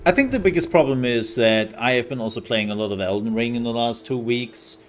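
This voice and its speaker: A man's voice: mid-range voice, animated, brisk, faint music behind. A man streaming live, giving casual commentary on game demos in a rambling, candid way with hesitant fillers.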